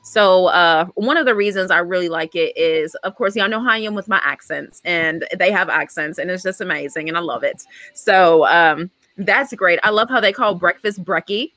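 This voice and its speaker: A woman's voice: on the low side, moderate pace, hardly any pauses, pushed and bright, no room sound. Chatty enthusiastic female co-host, dry sound. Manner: enthusiastic, chatty, many fillers. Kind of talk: casual show review chat.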